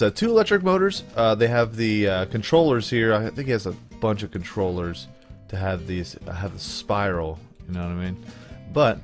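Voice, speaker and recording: A man casually commenting on his own gameplay video in a playful, goofy way, often chuckling. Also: fairly low pitch. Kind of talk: casual let's play commentary.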